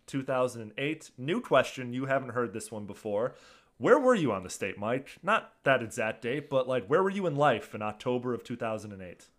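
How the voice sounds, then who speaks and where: A man hosting a casual podcast chat over a video call, easygoing and quick to laugh. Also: mid-range voice, a bit bright. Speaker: podcast host.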